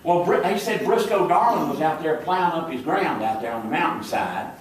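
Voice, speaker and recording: Southern male comic spinning slow folksy tales live, recorded from a distance in a booming echoey hall. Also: animated, a little hiss or hum. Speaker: comedic entertainer in character as a small-town deputy. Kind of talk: folksy stand-up storytelling to a live audience. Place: live venue before an audience. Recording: echoey room, distant mic.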